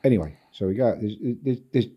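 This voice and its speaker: Talking fast and animatedly, an older English football agent guests on a podcast in a fairly low, breathy voice, muffled on the recording. He rambles through a long anecdote, repeating words and chuckling.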